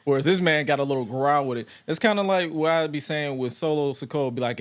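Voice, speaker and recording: A man's voice: medium pitch, brisk, few pauses. A man co-hosting a casual chat, rambling with lots of "like" and acting out voices. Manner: rambling with many "like" restarts, acts out wrestler voices. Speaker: podcast co-host.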